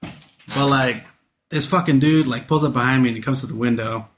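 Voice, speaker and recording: A man's voice: mid-range voice, moderate pace. A man casually telling a story to friends, laid-back and profane, laughing along as he goes. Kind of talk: casual chat. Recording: roomy echo.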